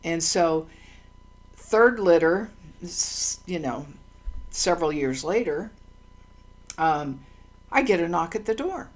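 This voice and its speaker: A woman hosts her own channel with a casual personal storytelling monologue, meandering through her stories with many ums and restarts, earnest and heartfelt. Her fairly low voice is animated, and she speaks slowly with long pauses.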